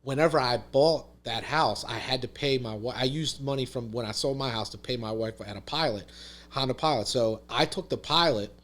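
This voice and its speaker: A man's voice: mid-range voice, normal speed, fairly bright tone. A man talking as a podcast guest, telling a story in casual conversation, emphatic, swearing freely and saying "dude" and "literally" a lot.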